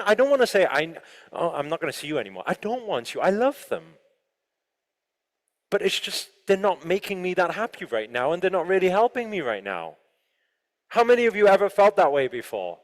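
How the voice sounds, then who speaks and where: A man giving an animated motivational talk to a live audience, often asking the listeners questions. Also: high-pitched, brisk. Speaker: motivational speaker. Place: large room with an audience. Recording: long hall reverb.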